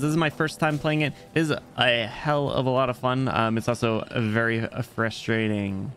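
Male streamer, mid-pitched voice, loud excitable reactions while playing, talks to chat, faint game music behind. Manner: excitable, exclamatory reactions, chats to viewers. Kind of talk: live gameplay commentary.

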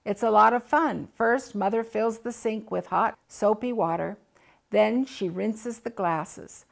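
An older woman reading a children's picture book aloud, gently voicing the animals and family. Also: medium pitch, measured pace, vocal fry. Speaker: storybook reader.

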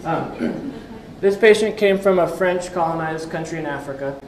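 This conference speaker, using slides, talks at a normal pace in a fairly high voice, with a touch of hiss or hum in the audio. He keeps things conversational, questioning the audience and tossing in sardonic asides, and the room sounds echoey with faint background ambience.

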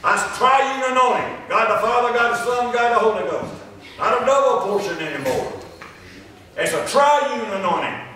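High, bright preacher, echoey church. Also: male voice, lively intonation. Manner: emphatic, repeats lines, reads scripture slowly. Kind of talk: sermon. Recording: echoey church room, distant mic.

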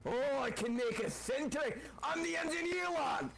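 A man's voice: very high-pitched, moderate pace, vocal fry, a bit bright, a little hiss or hum, exaggerated voice. A man putting on the voice of a hot-tempered demolitions man who curses and calls everyone lad. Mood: rowdy. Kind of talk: voice chat impression during online game.

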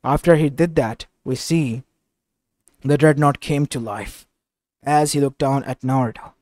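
A man's voice: medium pitch, fairly even intonation, moderate pace, darkish tone, no room sound. A man tells a fan-made story in a loose, rambling style, his voice in an ordinary middle range. He stumbles and restarts mid-sentence as he goes. The recording is dry and close, with no room sound. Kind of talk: casual fan-fiction narration.

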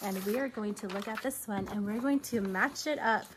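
A woman teaching preschoolers about feelings, talking slowly and patiently and asking them simple questions. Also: medium pitch, noisy background. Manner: slow, patient, questioning tone for small children. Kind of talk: recorded classroom lesson for young children.

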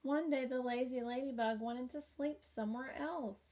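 A young woman teacher reading a picture book aloud to young children, gentle and expressive, often pausing to ask questions. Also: high voice. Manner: gentle, slow and expressive, asking the listener questions.

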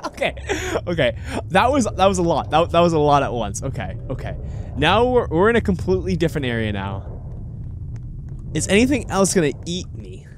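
A man hosting a casual let's-play, excitable, stammering and laughing often. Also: a little high, brisk. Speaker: gaming channel host. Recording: noisy background.

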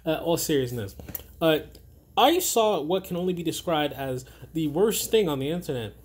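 A man's voice: on the high side, lively intonation, moderate pace. A man ranting casually to camera in a blunt, profane and rambling way, often restarting his sentences. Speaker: vlogger.

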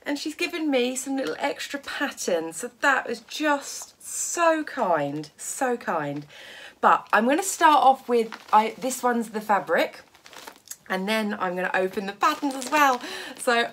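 Excitable woman, lively voice. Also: on the high side, unhurried. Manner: gushing, excitable, laughs often. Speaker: sewing vlogger. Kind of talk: casual unboxing vlog.

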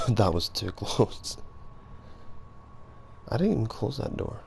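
A man's voice: on the low side, sing-song, slow, creaky, pauses often, slight background noise. A tired, sleep-deprived young man giving jokey let's-play commentary, muttering and swearing to himself. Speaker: gaming commentator. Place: at home at night.

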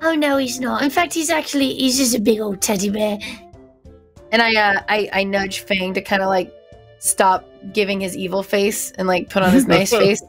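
A woman's voice: mid-range voice, steady tone, normal speed, faint music behind. A woman playing in a tabletop game, talking in a chatty, giggly way. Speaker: player. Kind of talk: casual tabletop play.

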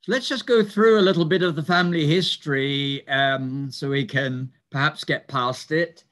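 Older guy giving a lecture, kinda high voice, careful and explainy, lots of little ums. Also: a bit bright. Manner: measured and explanatory, with hesitant fillers. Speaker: mathematician giving a talk. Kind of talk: reminiscing lecture.

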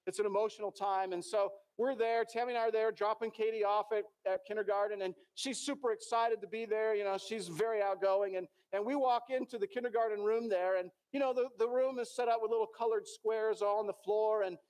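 Earnest high-voiced pastor preaching. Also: male voice, steady tone, fairly quick, hardly any pauses, darkish tone. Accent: American. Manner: storytelling, earnest, many restarts. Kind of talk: sermon. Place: church.

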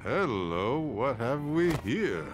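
An actor playing a sly male alien stranger who speaks slowly. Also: mid-range voice, very animated, music in the background.

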